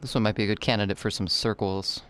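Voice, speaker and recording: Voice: sits low, fast. A livestreamer, chatting casually with viewers while drawing. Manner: animated, chatty, reads and answers chat.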